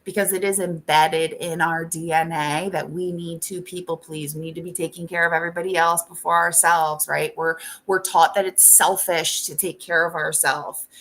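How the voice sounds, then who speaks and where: A woman's voice: lowish voice, little pitch movement, moderate pace, few pauses, fairly bright tone. A woman life coach hosting a talk show, speaking casually and bluntly, swearing freely and checking in with "right?" after most points.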